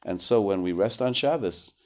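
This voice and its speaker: Low-voiced man teaching a prayer text. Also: animated. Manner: measured, translates each phrase, repeats himself. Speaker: Torah teacher. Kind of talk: prayer-book lesson.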